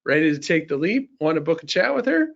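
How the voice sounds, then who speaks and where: A syrupy Southern belle chatbot assistant, as a man puts her on, pitched up high and sweet-talking with every pet name in the book. Her voice comes through slightly muffled, like a screen recording. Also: very animated, fast talker, vocal fry. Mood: sugary sales pitch. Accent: put-on Southern US belle. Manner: sweet-talking, calls the user darling and sugar.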